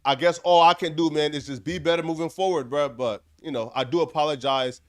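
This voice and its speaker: Earnest, higher-voiced male commentator. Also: brisk. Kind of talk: commentary narration.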